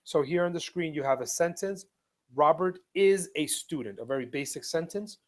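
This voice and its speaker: A man teaching English in a live online class, speaking slowly and patiently, repeating each step and reading example sentences aloud with clear stress. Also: a little high. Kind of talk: live online ESL lesson.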